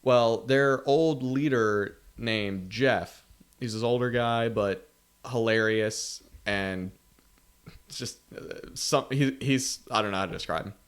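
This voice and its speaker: A young man on a casual podcast, rambling through a story with false starts and filler words. His voice sits at a middle pitch for a man and comes across in an easygoing, chatty way. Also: slow pace, clean tone. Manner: rambling storyteller, many restarts, laughs often. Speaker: podcast co-host. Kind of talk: casual chat.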